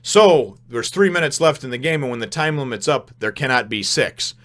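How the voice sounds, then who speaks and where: Give me a smug, theatrical self-proclaimed god, as a man puts him on, taunting the others, raised in pitch and loud. The voice is arrogant and toys with the listener. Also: animated, normal speed, lightly acted.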